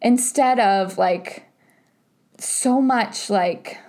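A woman's voice: mid-range voice, very slow, a little mellow. A woman co-hosting a casual couples podcast, talking animatedly and filling her sentences with "like" and "right?". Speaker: podcast co-host.

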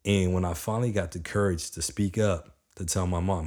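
A young man with a low, deep voice delivers a motivational talk straight to his listeners. He speaks with energy and a casual, chatty manner, hammering points home by repeating them. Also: normal speed. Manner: energetic, conversational, repeats for emphasis.

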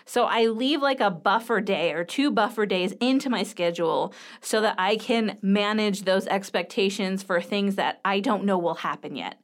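A woman's voice: medium pitch, moderate pace, hardly any pauses. A woman in her thirties hosting her own podcast, talking casually and candidly straight to her listeners with plenty of fillers. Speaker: podcast host. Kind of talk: casual solo podcast talk.

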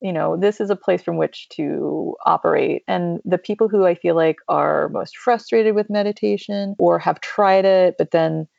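Gravelly woman guest, muffled and dry. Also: fairly low pitch, normal speed, few pauses, darkish tone, dry recording. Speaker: podcast guest. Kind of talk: casual chat.

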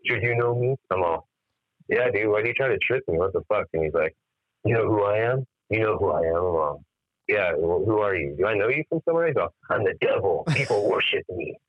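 A man's voice: on the low side, brisk, dry recording. A tired man telling a strange story in a casual phone interview, swearing freely and acting out the dialogue. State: tired after staying up all night. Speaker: musician guest. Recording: dry, tinny phone line.

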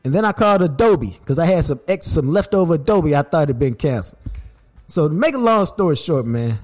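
A man's voice: a little high, fairly quick, soft background music. A man hosting a podcast, telling stories in an emphatic, worked-up way. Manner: animated, emphatic storyteller who gets worked up. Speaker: podcast host. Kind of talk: casual podcast chat.

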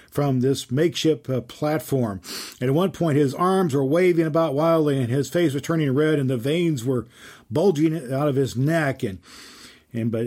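A man hosting an inspirational podcast, giving an earnest faith-based teaching and telling stories, slowing down to stress key phrases. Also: mid-range voice, darkish tone. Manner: earnest, with slowed emphatic phrases and storytelling. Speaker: podcast host and Christian teacher.

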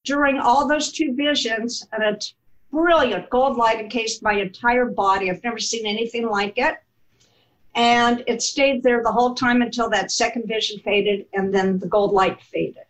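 A woman telling a personal story in an interview, animated and laughing as she goes. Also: fairly high pitch, normal speed, poor audio. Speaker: guest telling her life story.

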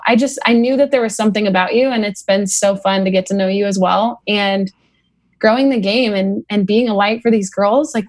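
A woman speaking on a podcast in an earnest, reflective way, taking slow, deliberate pauses between phrases. Her voice sits at an ordinary middle pitch. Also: a little mellow. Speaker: podcast guest, founder of athlete program. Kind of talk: heartfelt podcast conversation.

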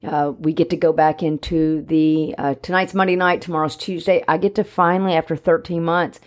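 A woman co-hosting a casual podcast chat, animated and jokey. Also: deep voice, a little fast. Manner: animated, jokey, speaks for the dog in mock voices. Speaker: podcast co-host, dog trainer.

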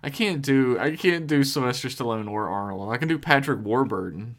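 A man guesting on a podcast in casual chat, animated and swearing freely. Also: mid-range voice, brisk.

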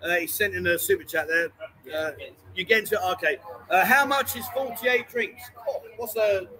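A man's voice: sits high, moderate pace, sharp tone, rough recording. A man hosting a casual live stream from a bar, chatty and jokey, calling people mate and darling. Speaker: host.

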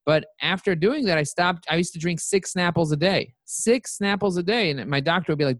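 Man, CEO guest, lively storyteller, higher-pitched, dry close sound. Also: fairly quick, hardly any pauses, no room sound. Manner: lively storyteller who acts out his own quotes. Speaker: interview guest, company CEO. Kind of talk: casual storytelling interview.

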